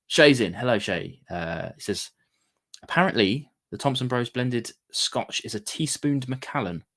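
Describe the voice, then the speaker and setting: A man's voice: mid-range voice, lively intonation, a little slow, a bit bright. A man hosting a casual whisky livestream, chatting in a rambling way with lots of fillers and restarts. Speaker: whisky show host.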